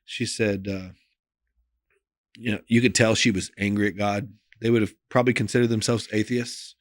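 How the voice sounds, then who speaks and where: A pastor speaks in a somewhat low male voice, recounting a story in an earnest, emotional way. His delivery is loose and conversational, full of "like" and "you know", and often sinks to near a hush. The sound is dry and close, with no room around it. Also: level tone, normal speed, no room sound. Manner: earnest and emotional, voice often drops soft and quiet. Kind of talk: personal storytelling in a podcast interview.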